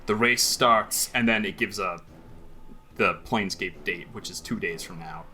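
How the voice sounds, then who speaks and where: Guy running a tabletop game, lowish voice, bright and punchy, rambles with lots of uh, faint music behind. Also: moderate pace. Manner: rambling, many fillers while describing. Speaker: game master.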